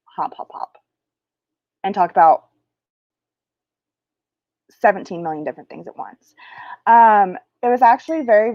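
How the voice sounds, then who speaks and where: A woman's voice: mid-range voice, dry recording, highs cut off. A woman hosting a spiritual livestream, chatting casually and crassly, rambling and losing her train of thought. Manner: slow, drawn-out teaching delivery.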